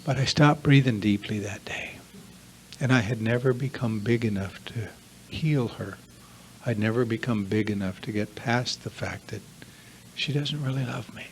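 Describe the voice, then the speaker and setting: With a fairly low, steady voice at a moderate pace, a man speaks earnestly and emphatically to a live group in a meeting room. The recovery workshop talk is confessional and heavy on repeated lists, over slight background noise.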